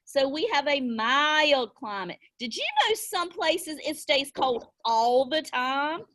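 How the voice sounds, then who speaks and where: A middle-aged woman teaching young children over a video call, slow and sing-song, encouraging them with little gasps of delight. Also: high-pitched, a bit bright. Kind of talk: online class lesson for young children.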